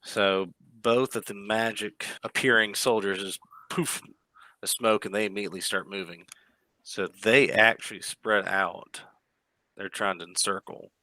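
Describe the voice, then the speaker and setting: A man running a tabletop game as game master, narrating scenes in a relaxed, descriptive way with some hesitations. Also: on the low side, measured pace, no room sound.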